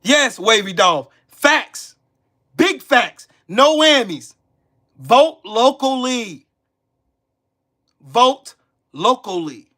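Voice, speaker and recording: A man's voice: sits high, sharp tone. A man with a Southern American accent hosting a live stream, ranting about politics bluntly and profanely, repeating himself for emphasis and answering chat.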